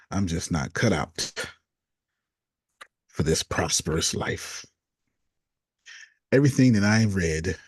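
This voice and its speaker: A man coaching a group, reading out negative self-talk statements one after another in a deliberate, casual way. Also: sits low, darkish tone, husky, no echo, studio quality.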